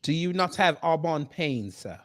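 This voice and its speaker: A man putting on a haughty posh British gentleman. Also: a little high, expressive, measured pace, no room sound. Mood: condescending. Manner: ends nearly every line with a clipped "sir", condescending. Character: pompous mock-posh British gentleman, adult, haughty and prim. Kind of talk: comedic improvised banter.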